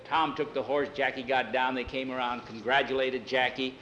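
A man's voice: mid-range voice, level tone, lo-fi sound, noisy background. Folksy male storyteller. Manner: folksy, unhurried, repeats "he says". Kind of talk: oral storytelling.

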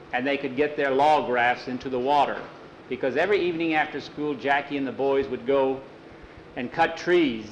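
A man telling a story aloud in a folksy, unhurried way, with small restarts and slips. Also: medium pitch, slight background noise, poor audio. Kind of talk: casual oral storytelling.

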